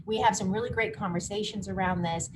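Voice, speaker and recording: A woman's voice: mid-range voice, fast. A woman hosting a live online marketing workshop, coaching emphatically. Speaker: workshop host. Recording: noisy background hiss.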